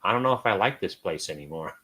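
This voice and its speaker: A middle-aged American man hosting a live stock trading room, talking casually and with swings between loud and quiet. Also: sits low, expressive, fast, slightly rough.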